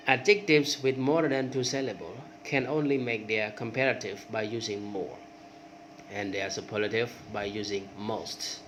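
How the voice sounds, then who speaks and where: A man whose first language is Khmer teaches English grammar at an unhurried pace, reciting example words in rising drills and checking in often with "okay". A faint air-conditioner hum sits behind his mid-pitched voice. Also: fairly bright tone. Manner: repeats word forms in drills, rising on examples, many okays. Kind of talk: grammar lesson.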